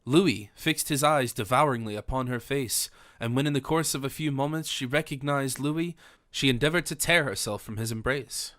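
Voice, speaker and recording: A man narrating a classic novel audiobook in a measured, formal way. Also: mid-range voice, a bit bright.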